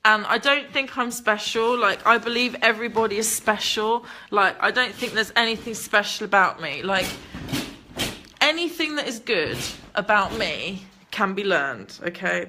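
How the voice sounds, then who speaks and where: Young woman, bright voice, frank and unfiltered storyteller who swears freely. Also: medium pitch, expressive, normal speed. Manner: blunt, candid, swears freely. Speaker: livestreamer reading chat. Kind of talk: casual confessional storytelling.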